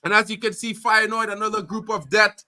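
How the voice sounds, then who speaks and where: Bright-voiced man on a casual stream. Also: sits high, brisk, no room sound. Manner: animated, slangy, says bro a lot. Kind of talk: casual live commentary.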